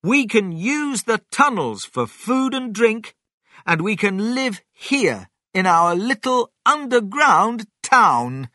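A man voicing a clever, bold male fox in a storybook reading, speaking with eager emphasis, raised and loud. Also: high voice, sing-song, slow pace, no echo, clean studio sound, pitched above the performer's own voice, full character voice.

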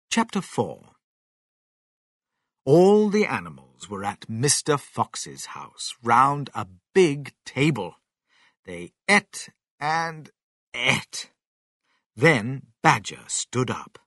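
Very slow man reading a storybook. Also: on the low side, very animated, sharp tone, husky, dry recording, clean studio sound. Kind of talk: reading a children's story aloud.

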